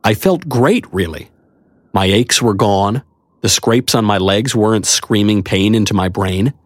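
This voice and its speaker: A man's voice: lowish voice, a little slow, no room sound. A man reading a first-person story in a wry, conversational manner, recorded on a close studio mic. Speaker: narrator. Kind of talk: first-person audiobook narration.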